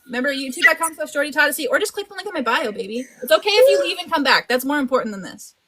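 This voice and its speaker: A woman hosting a live stream, chatting in a gushing, excited, exclamatory way. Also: high-pitched, rapid-fire, very noisy. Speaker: podcast host.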